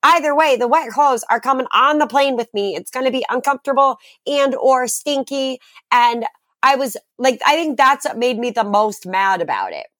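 A woman's voice: high-pitched, lively intonation, normal speed, a bit bright, no echo, clean studio sound. A young woman co-hosting a podcast, telling a story in casual, profane chat. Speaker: podcast co-host.

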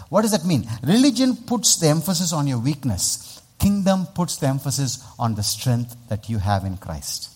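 Lively husky preacher man. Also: medium pitch, normal speed. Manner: lively, call-and-response preaching with rhetorical questions. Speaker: pastor. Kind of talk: sermon.

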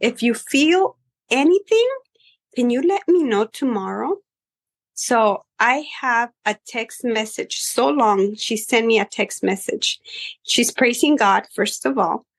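A woman hairstylist telling stories about her clients, animated, acting out their voices, with many fillers. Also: on the high side, a little slow, gravelly, breathy edge. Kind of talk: casual storytelling interview.

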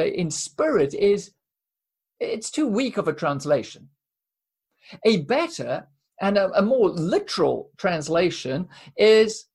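A woman preaching a sermon in an earnest, emphatic way, with dramatic pauses and repeated words. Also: medium pitch, darkish tone, husky.

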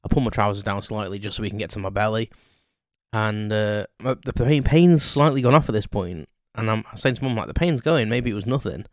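In a clean studio recording with no room sound, a man with a lowish voice speaks briskly. He's hosting a podcast and telling an unscripted story, rambling, chatty, self-deprecating, and full of ums.

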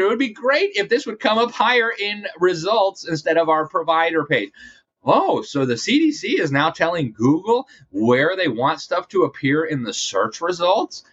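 A man's voice: mid-range voice, fairly bright tone. A man from South America hosting a political commentary show, emphatic and scornful, often addressing listeners as folks. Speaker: guest host. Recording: dull lo-fi sound.

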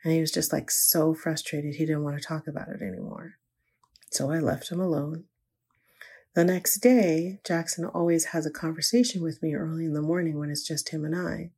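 A woman's voice: deep voice, level tone, normal speed, a little mellow, slightly rough. An older woman, a grandmother, telling an earnest, reflective faith story about her grandson. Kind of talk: inspirational personal storytelling.

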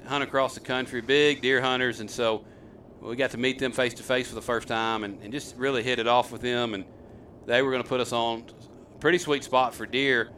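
A middle-aged father hosts a hunting video, chatting to camera in a rambling, casual storytelling style and quizzing his sons. His voice is mid-range and fairly bright, with a little hiss or hum behind it.

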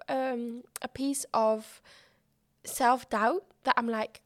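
A woman's voice: sits high, lively intonation, slow pace, no room sound, clean studio sound. A woman hosting her own podcast, chatting candidly and expressively and swearing freely. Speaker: podcast host. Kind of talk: casual solo podcast chat.

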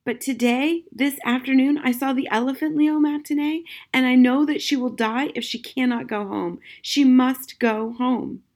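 A woman reading an audiobook, voicing a fiery, excitable middle-aged wife who speaks emphatically and indignantly. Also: high-pitched, moderate pace, hardly any pauses, pitched above the performer's own voice. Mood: insistent. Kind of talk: audiobook character voice.

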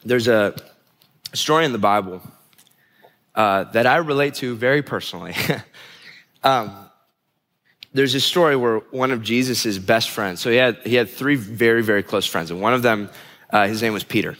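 A man's voice: mid-range voice, moderate pace, pauses often, fairly bright tone. A young man preaching a sermon, earnest and confessional, often restarting his sentences. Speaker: pastor. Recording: long hall reverb.

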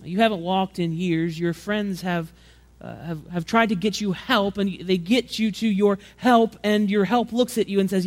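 Brief: male pastor, fairly high voice, casual sermon delivery, frequent stumbles and restarts. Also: steady tone, moderate pace, few pauses. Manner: conversational preaching, acts out quotes with rising pitch and volume; frequent repeated words and restarts.

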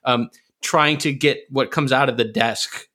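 A man's voice: medium pitch, steady tone, pushed and bright. A man, a system engineer, talking shop in a casual panel discussion, thinking aloud with frequent restarts. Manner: fast, thoughtful, with frequent restarts.

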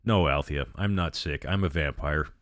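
A soft-spoken, cruel vampire who threatens in a gentle, silky murmur, as a male storyteller puts him on. The voice sits very low and deep. It sounds close and dry, with no room around it. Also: moderate pace, no room sound. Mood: silky menace.

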